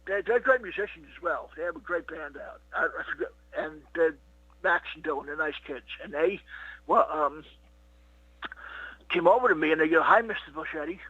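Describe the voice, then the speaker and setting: A man's voice: on the high side, lively intonation, normal speed, slightly rough, dry recording. A middle-aged man, a comedian being interviewed, telling stories in a rambling casual way, full of "you know what" and "he goes". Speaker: comedian guest. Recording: dull lo-fi dry recording.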